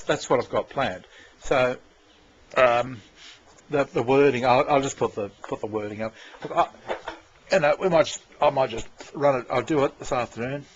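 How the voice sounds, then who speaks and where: Rambling man, swearing freely. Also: medium pitch. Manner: rambling, swears freely, many fillers and restarts. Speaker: vlogger giving creative direction. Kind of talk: rambling casual monologue. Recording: dull lo-fi sound with faint room noise.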